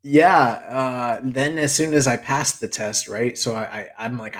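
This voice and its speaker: A man's voice: medium pitch, steady tone, moderate pace, hardly any pauses, fairly bright tone. A young man co-hosting a podcast in casual chat, rambling through stories, laughing often and swearing freely. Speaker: podcast co-host.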